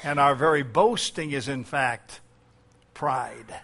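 A man's voice: medium pitch, takes it slowly, creaky, pushed and bright. A man preaching a sermon as pastor, with frequent fillers and key phrases repeated.

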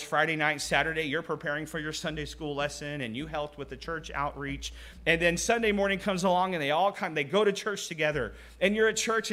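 A man's voice: a little high, sharp tone. A man preaching a conversational sermon, asking rhetorical questions and acting out short quoted voices.

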